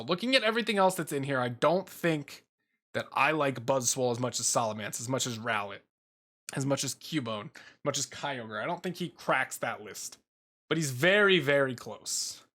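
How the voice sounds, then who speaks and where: A young man casually rambling through a tier list ranking, swearing freely and filling pauses with ums and uhs. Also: medium pitch, sharp tone. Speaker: YouTuber ranking Pokemon. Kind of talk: casual commentary while making a tier list.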